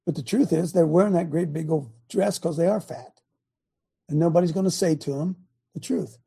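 Gravelly older preacher man. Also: on the high side, brisk. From Ohio. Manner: folksy, blunt, emphatic, shifts between loud and quiet. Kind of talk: sermon.

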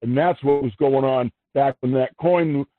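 A man's voice: mid-range voice, unhurried, no echo. Male caller, hesitant and musing, dry tinny phone line. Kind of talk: call-in comment.

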